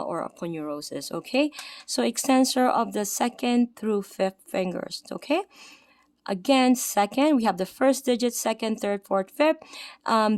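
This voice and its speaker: Young Filipino-accented woman, massage therapist tutoring online; hesitant, lots of "um", crisp and dry. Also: mid-range voice, dry recording. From Philippines. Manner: halting, many fillers and self-corrections. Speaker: massage therapist teaching anatomy. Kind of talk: casual online anatomy lesson.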